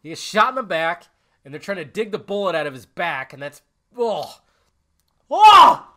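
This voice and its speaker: A young podcast host with a fairly high, expressive, pushed and bright voice talks fairly quickly. Hosting solo and casually, he rambles emotionally and curses often.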